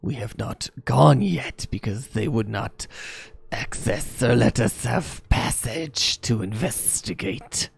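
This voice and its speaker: A man's voice: mid-range voice, takes it slowly, vocal fry, slightly rough, full character voice. A man voicing a formal male noble envoy who speaks politely and with measure.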